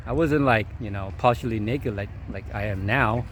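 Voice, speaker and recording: A man's voice: fairly low pitch, normal speed, a bit bright, slight background noise. A man telling a long, meandering personal story outdoors as a vlogger, chuckling now and then and leaning on fillers. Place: outdoors at sunset.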